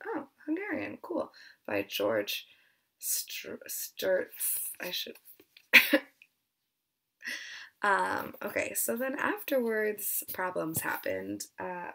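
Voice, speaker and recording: Woman, book vlogger, casual chat, gravelly fry, slightly breathless, hesitant, stumbles over names. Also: mid-range voice, a bit bright.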